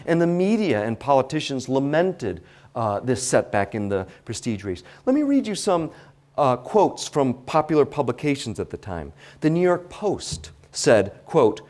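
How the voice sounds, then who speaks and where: A man's voice: a little high, big pitch swings, moderate pace, a little mellow. A man giving a history lecture, hesitant and full of fillers and restarts. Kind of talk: public lecture. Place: library lecture hall.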